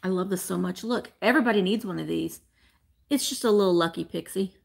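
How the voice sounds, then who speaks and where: A woman's voice: fairly low pitch, fast talker, creaky. A woman hosting a live vintage sale, chatting casually and gushing over each item she unwraps. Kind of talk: casual live-stream chat.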